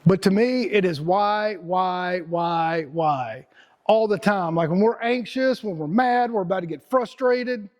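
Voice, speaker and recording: A man's voice: sits high, a little slow. A middle-aged man with a Texan accent giving a casual, rambling motivational talk as host, repeating words and using slang.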